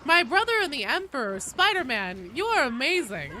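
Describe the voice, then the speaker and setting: Excitable woman streamer with a cold. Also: high-pitched, moderate pace. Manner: excitable, exclamatory, swears and laughs often. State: has a cold. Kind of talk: live gaming stream chatter. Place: home room at a desk. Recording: noisy home stream audio.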